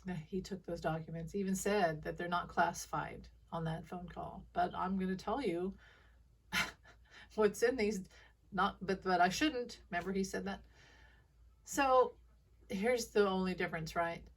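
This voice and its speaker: Low-voiced woman rambling through readings. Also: a little slow, far from the mic. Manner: rambling, self-interrupting, laughs often. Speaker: intuitive reader. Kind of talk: casual commentary.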